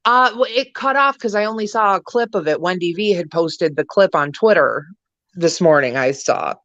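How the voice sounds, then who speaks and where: A woman co-hosting a livestream chat show, telling gossip in a profane, animated way. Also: fairly low pitch, normal speed, no room sound. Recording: dull lo-fi stream audio.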